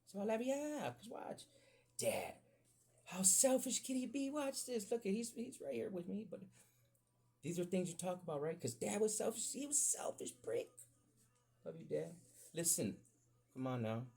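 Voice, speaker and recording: A man with a gravelly, husky voice rambles through stories on a casual podcast. His pitch jumps around a lot as he acts out what other people said. He swears freely and keeps circling back to his point. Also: moderate pace, pauses often. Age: adult with children. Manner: rambling, profane, animated, acts out quotes. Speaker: podcast host. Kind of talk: casual storytelling.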